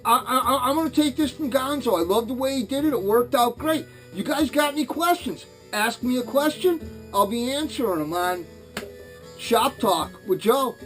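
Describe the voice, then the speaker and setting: A man's voice: extremely high pitch, expressive, normal speed, a bit bright, faint music behind. A man chatting casually to camera from his home workshop about hunting, telling stories and jokes in a folksy, rambling way. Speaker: hunting vlogger.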